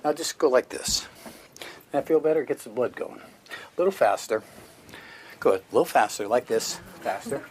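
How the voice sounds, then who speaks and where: A man's voice: mid-range voice, animated, normal speed, pauses often. A man working as a stage hypnotist, giving commanding, repetitive, playful suggestions to volunteers at a live show. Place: live show before an audience. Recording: noisy live recording.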